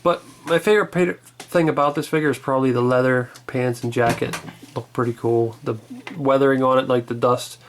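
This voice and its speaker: Relaxed male co-host, chatty and meandering, mid-range voice. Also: mid-range voice, brisk, slight background noise. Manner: relaxed, rambling, hesitant restarts. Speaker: toy reviewer, co-host. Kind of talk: casual chat review.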